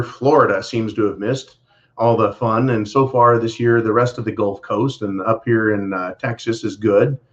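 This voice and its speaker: A man's voice: medium pitch, highs cut off. A man hosting a casual livestream, talking in a rambling, folksy way with many fillers and restarts as he reads viewer messages. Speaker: livestream host reading super chats. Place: Texas.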